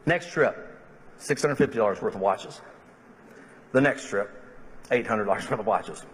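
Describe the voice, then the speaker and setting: A middle-aged man, a minister giving a funeral eulogy and telling humorous stories, slipping into lively quoted voices. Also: mid-range voice, normal speed, long pauses. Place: church sanctuary. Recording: long reverb of a large church hall.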